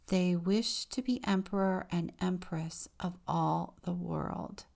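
A woman's voice: lowish voice, steady tone, takes it slowly, creaky, darkish tone, heavily acted. A woman voicing a sad, dutiful peasant girl who speaks in a pleading, distressed way.

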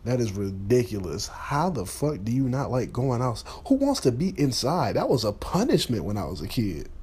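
A man's voice: medium pitch, very animated, normal speed, darkish tone, slightly rough. A man in his twenties ranting bluntly and profanely, sounding exasperated. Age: 20s. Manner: blunt, exasperated, swearing freely. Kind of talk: casual profane rant.

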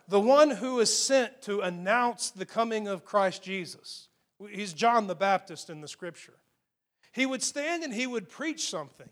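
A man's voice: sits high, a bit bright. A man preaching a sermon, telling a Bible story with rising and falling emphasis. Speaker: pastor.

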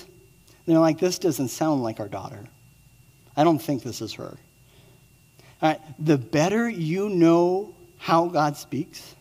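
Male pastor, 30s, higher voice, sermon in a long-reverb hall, storytelling shifting to soft earnest pleas. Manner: swings from excited storytelling to hushed earnest appeals.

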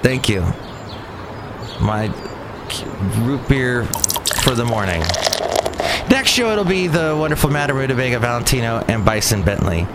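A man's voice: medium pitch, big pitch swings, moderate pace, pauses often. A man with a Californian accent, hosting a podcast in a chatty, wry, rambling monologue. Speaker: podcast host. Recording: traffic noise in background.

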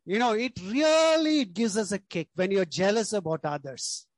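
A man's voice: sits high, lively intonation, moderate pace, no room sound. A male pastor preaching a sermon, stressing key words, repeating lists and leaning on "you know".

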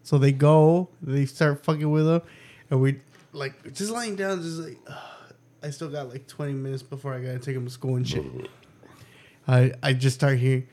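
A man's voice: medium pitch, fairly even intonation, normal speed, mellow. A man in his thirties, a podcast co-host and father, telling profane stories in casual chat and laughing often.

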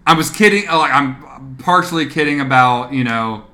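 A young man co-hosting a podcast, telling stories in a profane, animated way in casual chat. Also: medium pitch, moderate pace. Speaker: podcast co-host.

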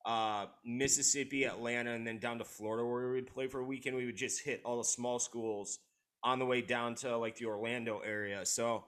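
A man's voice: mid-range voice, fairly even intonation, a little fast, a bit bright. A man who played college baseball, chatting candidly and a bit ramblingly, with some swearing. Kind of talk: casual chat.

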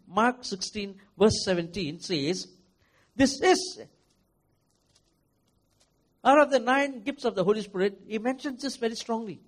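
A male pastor preaching a sermon, emphatic and repetitive, swinging from loud declarations to soft, hushed lines. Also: high voice, animated, a little slow, long pauses.

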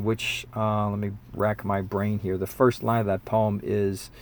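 A man in his fifties talking in a casual monologue, earnest and reflective, sometimes excited, with fillers and restarts. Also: on the low side, moderate pace. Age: 50s. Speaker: musician and spiritual teacher.

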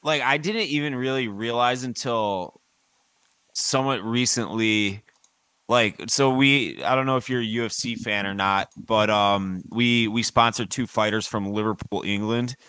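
A man's voice: medium pitch, fairly even intonation, a little slow, bright, forceful tone, smooth, no echo. A man co-hosting a podcast, blunt and crude, with an offhand way of talking. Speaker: podcast co-host. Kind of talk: casual chat.

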